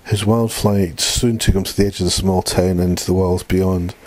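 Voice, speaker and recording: A man reading a dark short story aloud in a plain, steady way. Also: low-pitched, moderate pace. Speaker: narrator.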